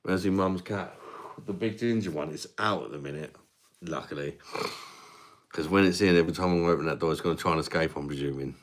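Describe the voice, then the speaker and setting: Deep-voiced bloke, casual live stream chat, laughs loads, calls everyone mate. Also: male voice, a little fast. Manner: chatty, laughs often, answers viewers by name. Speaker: livestream host reading chat.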